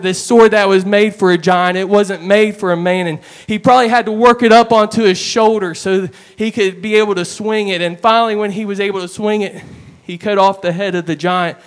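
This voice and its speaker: A man preaching a sermon, retelling stories in an earnest, storytelling way. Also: high voice.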